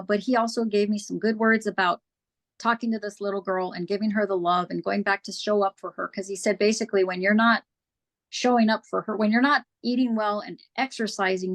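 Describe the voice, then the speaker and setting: A woman guest on an interview show, telling her personal story in a candid, earnest way and acting out past conversations. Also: mid-range voice.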